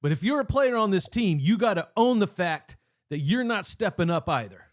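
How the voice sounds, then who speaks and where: Young man, fan channel host, heated rambling rant, slightly high voice, keeps cutting himself off. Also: sing-song, moderate pace. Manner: heated, rambling, self-interrupting. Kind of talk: emotional live-stream rant.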